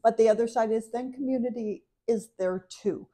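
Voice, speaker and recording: A woman's voice: a little high, dark tone. Candid, self-mocking woman co-host. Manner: candid, self-deprecating, talks in quick restarts. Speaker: podcast co-host. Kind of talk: casual chat over wine.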